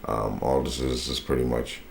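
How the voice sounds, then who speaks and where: Man, Nova Scotian accent, extremely low bassy voice, gravelly rasp, faint background hiss, relaxed rambling chat. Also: moderate pace. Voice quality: very deep bassy raspy voice. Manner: laid-back, loose and rambling. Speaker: rapper and voice actor guest. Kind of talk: casual interview chat.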